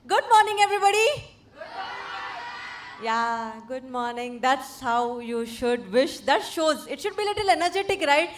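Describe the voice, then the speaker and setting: A woman's voice: a little high, a bit bright. A woman with an Indian English accent hosting a live event in a hotel hall, teasing and coaxing the crowd to get their energy up. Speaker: event host. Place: large indoor hotel hall.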